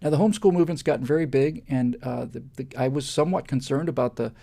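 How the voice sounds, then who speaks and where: Host, male, 50s: gravelly, mellow voice, animated storyteller who trips over his words. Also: mid-range voice, fast talker. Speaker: show host. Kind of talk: storytelling monologue on a live web show.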